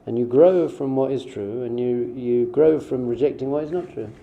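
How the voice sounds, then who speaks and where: In a dull, muffled recording, a male rabbi speaks at a normal speed in a creaky, mid-range voice. His spiritual talk is conversational and informal, and he acts out short quoted exchanges along the way.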